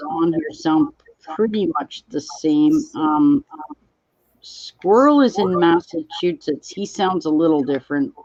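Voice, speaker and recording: A woman's voice: deep voice, lively intonation, takes it slowly, darkish tone, dry recording, muffled recording. A woman hosting a live stream, chatting casually and reading out viewer comments as they come in. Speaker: livestream host.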